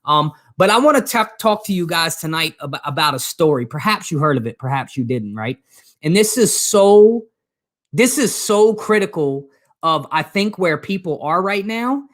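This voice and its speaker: Speaking straight to the viewers of his live stream, a motivational coach delivers an earnest, emphatic talk and leans heavily on repeated phrases. His voice sits on the high side, with lively intonation, a moderate pace and a fairly bright tone.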